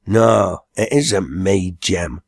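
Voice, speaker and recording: A man voicing a gruff, mocking old village mower with a broad Lancashire accent, blunt and scornful. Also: sits low, extremely slow, no echo, studio quality, heavily acted.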